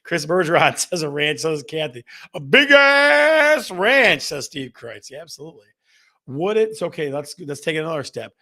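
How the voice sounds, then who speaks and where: Middle-aged man with a gravelly voice, hosting a chatty real estate stream and asking viewers questions. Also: a little high, a little fast, fairly bright tone. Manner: chatty, repeats phrases, asks the audience questions. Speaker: real estate show host. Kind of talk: casual live-stream chat reading viewer comments.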